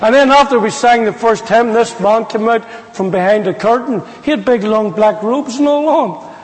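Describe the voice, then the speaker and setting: A man's voice: very high-pitched, moderate pace, a little hiss or hum. A man with an Irish accent giving his testimony as a preacher, telling his story with humor and quoting people. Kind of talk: storytelling sermon. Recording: long hall reverb.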